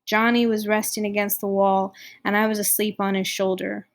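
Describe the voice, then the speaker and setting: A woman's voice: medium pitch, moderate pace. A woman reading a novel aloud, narrating expressively. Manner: expressive reading, voicing each character. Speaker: audiobook reader.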